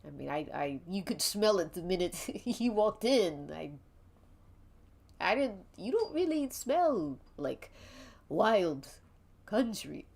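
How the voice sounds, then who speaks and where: A woman's voice: medium pitch, sing-song, slow, creaky, darkish tone, heavily acted. A woman voicing a weepy, heartbroken middle-aged male professor who stammers and gets suspicious in an interactive mystery game. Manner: flustered, stammering.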